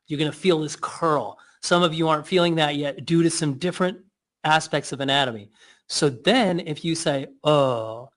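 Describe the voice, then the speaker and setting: A man leading a guided breathing and mouth exercise, giving slow cues with playful asides. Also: a little high.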